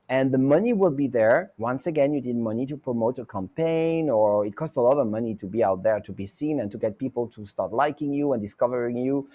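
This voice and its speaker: A man in Mexico hosts a psychic talk show, chatting loosely through a tarot reading with lots of fillers and restarts. His voice is mid-range and a little mellow.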